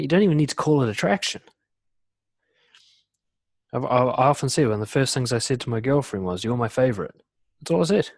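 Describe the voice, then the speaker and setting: A man coaching in a casual webinar talk, full of "you know" and "like", acting out quoted lines in lively voices. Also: mid-range voice, no echo. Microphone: computer mic on a video call.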